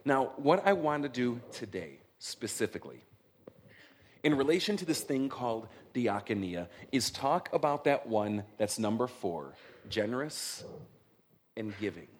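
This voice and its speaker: A middle-aged male pastor preaching a sermon in an animated, conversational way, often checking in with his listeners. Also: mid-range voice, unhurried, a little hiss or hum. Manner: conversational, animated, frequent "right?" check-ins.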